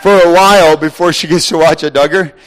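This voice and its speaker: A middle-aged man preaching a sermon, animated, shouting at times, acting out voices and laughing. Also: a little high, a little fast.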